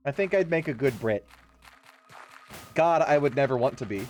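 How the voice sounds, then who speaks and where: A man's voice: mid-range voice, lively intonation, moderate pace, long pauses, a little mellow. A man streaming a game live, reading its text aloud and joking crudely as he plays. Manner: swears freely, jokey, mocking mock-British bits.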